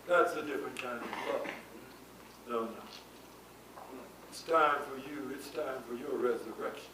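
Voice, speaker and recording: A man preaching a sermon, dropping to low asides and rising to shouted, sing-song peaks. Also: moderate pace. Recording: echoey hall from far off with faint noise.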